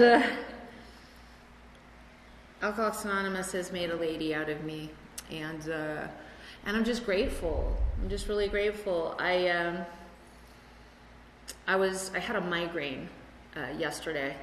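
Chatty rambling speaker, from Chicago, recovery meeting share, bright voice, echoey hall. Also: female voice, medium pitch, measured pace, pauses often, a little hiss or hum. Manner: chatty, rambling with many fillers. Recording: echoey hall with room ambience.

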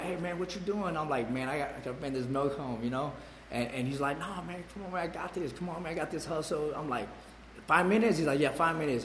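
A man's voice: mid-range voice, slight background noise. A man in his forties telling his own life story in a rambling way, with many restarts and fillers. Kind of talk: personal testimony. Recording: echoey hall with long reverb, faint ambience.

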